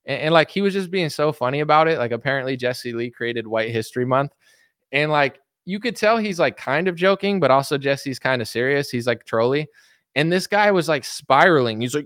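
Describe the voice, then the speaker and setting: A man's voice: medium pitch, fairly quick, fairly bright tone, clean tone, no echo, studio quality. A young man chatting casually on a livestream about politics, rambling with lots of fillers and mocking impressions. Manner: rambling, many fillers, mimics others mockingly. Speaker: political commentary streamer.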